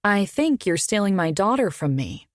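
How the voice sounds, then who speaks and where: A woman voices a protective middle-aged mother in a bantering mood, pitching her mid-range voice above her own natural one while keeping it close to everyday speech. The delivery is very animated at a moderate pace, captured in a dry, clean studio recording.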